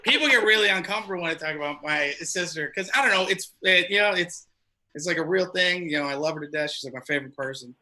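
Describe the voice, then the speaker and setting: A man's club stand-up set is a string of loose, profane stories with acted-out quotes. He speaks quickly in a fairly high, sharp voice, and the recording is rough.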